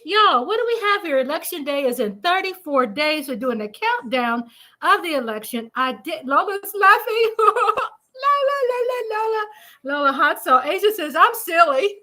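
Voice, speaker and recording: A woman's voice: sits high, animated, moderate pace, bright, forceful tone. A woman hosting a casual live stream from home, chatty and playful, reading out viewer comments.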